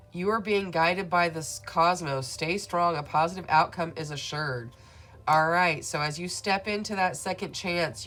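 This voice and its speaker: Here a tarot reader's voice sits low yet carries a fairly bright tone. She speaks to viewers as "beautiful souls," keeping her card reading calming and reassuring.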